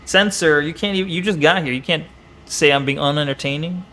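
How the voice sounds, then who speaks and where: A playful young man commenting as he streams a game. His voice sits fairly high. A faint hum runs behind him. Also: brisk, bright, forceful tone. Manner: playful, chatting to viewers by name. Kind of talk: live gameplay commentary.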